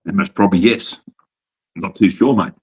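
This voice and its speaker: A man's voice: low-pitched, fairly quick, darkish tone, husky, muffled recording. A slightly drunk Australian man, a wrestling promoter, telling rambling, profane, boastful stories in a casual podcast chat. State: a little drunk.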